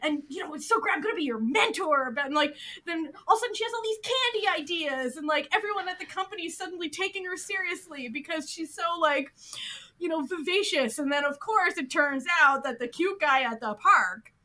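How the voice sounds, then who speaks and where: A woman's voice: extremely high pitch, fairly quick. A woman co-hosting a podcast, animatedly recapping a TV show in casual chat, full of "like". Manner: animated, chatty, heavy use of "like". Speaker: podcast co-host.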